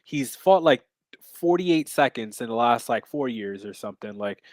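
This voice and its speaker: A man co-hosts a fight betting podcast as an MMA bettor, chatting casually about bets in a brash, rambling style full of fillers and swearing. His mid-range voice is animated at normal speed, recorded dry with studio quality.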